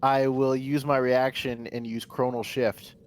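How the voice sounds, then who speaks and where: A man's voice: mid-range voice, level tone, unhurried. Hesitant man playing a tabletop game. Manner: hesitant, restarting, many fillers. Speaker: player.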